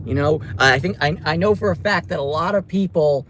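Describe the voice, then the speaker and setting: A man's voice: fairly high pitch, fairly quick, a bit bright, slight background noise. A man live-streaming casually while he feeds stray cats outdoors, rambling with restarts and mild swearing into a handheld phone. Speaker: vlogger feeding stray cats. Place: outdoors by his car at night.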